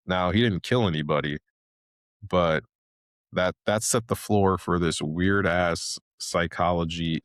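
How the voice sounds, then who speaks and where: Low voiced guy in his 30s ranting on his podcast, lots of likes and restarts, dry room. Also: a bit bright, no room sound. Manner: rambling, loose, with many fillers and restarts. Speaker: podcast host. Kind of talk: casual ranting monologue.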